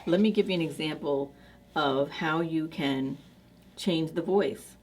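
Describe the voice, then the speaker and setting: Woman vlogger, lowish voice, chatty, effusive, casual to-camera talk. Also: measured pace, a little mellow, a little hiss or hum. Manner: chatty, effusive, full of fillers.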